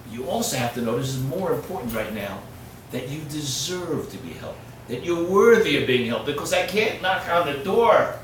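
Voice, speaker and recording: Rabbi guy preaching, goes from quiet to loud and punchy, fairly high voice, far off in a really echoey hall. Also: a little hiss or hum. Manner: swings from hushed to loud and emphatic. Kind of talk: sermon with storytelling. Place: lecture hall.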